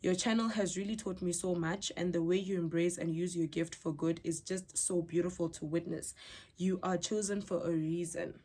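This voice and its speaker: A woman's voice: fairly low pitch, steady tone, normal speed. A South African woman vlogger reading out and answering viewer comments in a casual, chatty way, mixing English with Setswana phrases. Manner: warm, chatty, switches between English and Setswana. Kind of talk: casual chat.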